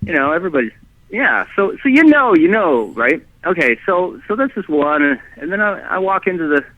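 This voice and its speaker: A man telling his own story as a guest, halting and animated, with many restarts and fillers. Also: sits high, no room sound. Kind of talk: rambling first-person storytelling. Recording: dry tinny phone line.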